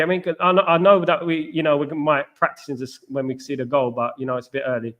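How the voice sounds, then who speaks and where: A man's voice: fairly high pitch, level tone, fast, hardly any pauses, fairly bright tone. A man hosting a live football watchalong, chatting casually and reacting with exasperation while answering viewers. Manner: exasperated, talks to live chat. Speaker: watchalong host.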